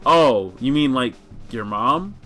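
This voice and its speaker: A man's voice: mid-range voice, lively intonation, takes it slowly, fairly bright tone, faint music behind. A man voicing a cheerful, earnest teenage girl who sounds eager and a little anxious.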